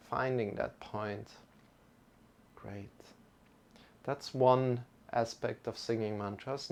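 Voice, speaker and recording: Gravelly-voiced man guiding yoga. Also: mid-range voice. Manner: calm, gentle guiding instructions; greets chat viewers by name. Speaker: yoga teacher. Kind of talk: live-streamed yoga class guidance.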